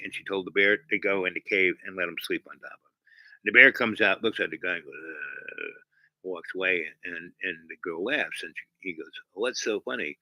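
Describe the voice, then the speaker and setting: Bright-voiced man telling a rambling story. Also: on the low side, no echo, poor audio. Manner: halting, many fillers and restarts. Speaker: channel host.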